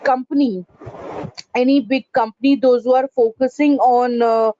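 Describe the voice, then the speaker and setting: High-voiced woman pronunciation trainer. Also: fairly even intonation, moderate pace, warm tone. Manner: instructive, with frequent "uh, you know" and "right?". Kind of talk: online training session. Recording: dull lo-fi recording.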